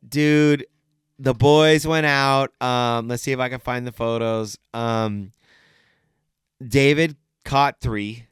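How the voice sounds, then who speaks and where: A man hosting a podcast, talking in a rambling, excited way, swearing often and laughing between stories. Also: mid-range voice, clear, resonant tone, dry recording, clean studio sound. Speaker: podcast host. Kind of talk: casual chat.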